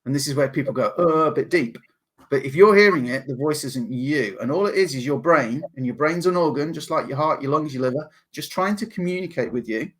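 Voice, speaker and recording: Lively Englishman, animated storyteller. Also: on the high side, fast, hardly any pauses, husky. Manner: animated, laughs often, acts out voices. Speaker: guest, NLP practitioner. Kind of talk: podcast interview.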